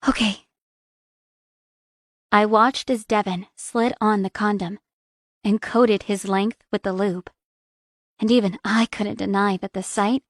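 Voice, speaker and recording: A young adult woman narrating a first-person romance audiobook in a soft, intimate reading. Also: medium pitch, no echo, studio quality.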